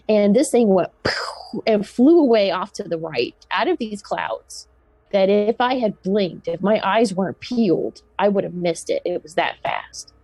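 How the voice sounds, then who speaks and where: A Southern American woman, a podcast guest, recounting a personal encounter in an animated way, with many restarts. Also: mid-range voice, husky, dry recording, poor audio.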